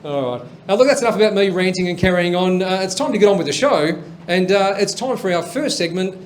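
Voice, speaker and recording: A man's voice: high-pitched, animated, a little fast. A man hosting a comedy show, telling stories and jokes in a rambling, chatty way with lots of fillers. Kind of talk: stand-up storytelling and joke telling. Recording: faint background noise.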